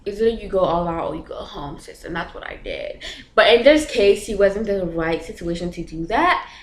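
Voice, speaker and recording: A woman's voice: medium pitch, expressive, moderate pace. A young woman vlogger telling a story in a casual, chatty way, full of filler words and nervous laughs. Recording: echoey room.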